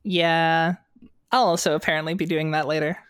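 A woman's voice: sits low, fairly even intonation, moderate pace, clean tone, no echo. Chatty young woman with a dry close sound. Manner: rambling, playful, many fillers. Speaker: podcast co-host. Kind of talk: casual chat. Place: unfinished basement.

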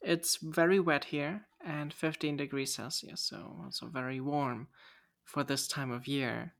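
A podcast co-host in casual chat, playful, teasing and quick to get excited. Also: medium pitch, vocal fry.

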